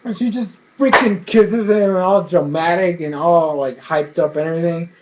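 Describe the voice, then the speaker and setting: A man giving a casual, rambling show review, excitable and full of fillers and restarts. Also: fairly high pitch, moderate pace, slight background noise. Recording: dull lo-fi recording.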